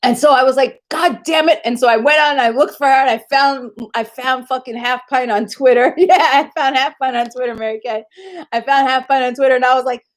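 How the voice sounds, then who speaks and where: A woman's voice: high voice, fairly quick. Laughing, swearing woman streamer. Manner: profane, laughs often; rambling animated storytelling. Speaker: live streamer. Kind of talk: casual live stream chat.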